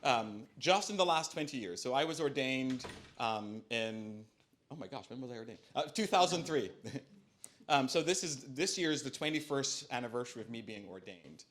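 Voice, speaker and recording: A man's voice: mid-range voice, expressive, moderate pace, a bit bright. A middle-aged man serving as bishop answers a parishioner's question at a church forum, chatting with ums and self-deprecating jokes. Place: church hall.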